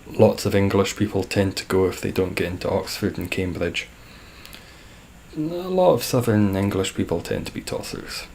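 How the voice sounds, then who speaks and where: A young Scottish man chats casually over his live game stream, replying to chat with dry, deadpan sarcasm and jokes. His voice is low with a gravelly, creaky edge, and faint noise hums beneath it.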